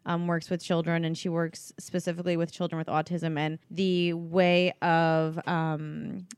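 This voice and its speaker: A woman's voice: fairly low pitch, flat delivery, a little slow, clean tone, dry recording. A young woman co-hosting a casual podcast, reading listener questions aloud and adding her own earnest thoughts. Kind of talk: casual chat.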